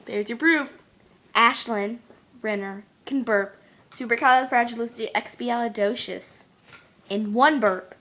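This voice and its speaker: A woman talking casually to her camera at home, excitable and quick to exclaim. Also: on the high side. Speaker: vlogger. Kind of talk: casual chatty vlog.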